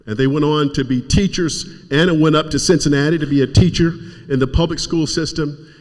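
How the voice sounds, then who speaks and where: A man's voice: fairly high pitch, steady tone, brisk. A middle-aged man from Kentucky giving an emotional speech at a community event, fighting back tears as he urges the audience on. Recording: reverberant hall sound.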